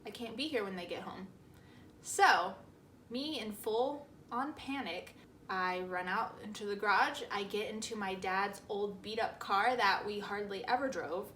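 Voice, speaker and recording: A young woman vlogger telling a story about her past in an animated, expressive way. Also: medium pitch, slight background noise. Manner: animated storytelling, acting out quotes with laughs. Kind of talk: storytime vlog. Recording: roomy echo.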